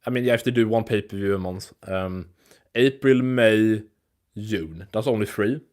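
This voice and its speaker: A man's voice: fairly low pitch, normal speed, darkish tone. A man hosting a live MMA news stream, talking casually in a loose, rambling, profane way. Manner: rambling, loose and profane, with frequent restarts and fillers.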